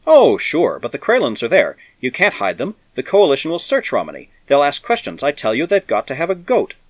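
A man's voice: fairly high pitch, huge pitch swings, a little fast, no echo, dull audio, voice pushed up. A man reading aloud and voicing a weary, battered male spacer who talks harshly and urgently.

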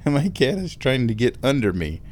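A man hosting his own show, talking in a relaxed, rambling way while lying down and chuckling often. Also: medium pitch, fairly quick, a little hiss or hum. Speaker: solo show host. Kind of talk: casual monologue.

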